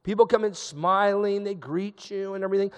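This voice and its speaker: A man's voice: sits high, fairly quick, smooth, big-room sound. A male pastor preaching a sermon in a church sanctuary, telling a story in a conversational way and stressing points by repeating them. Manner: conversational storytelling, emphatic repetition.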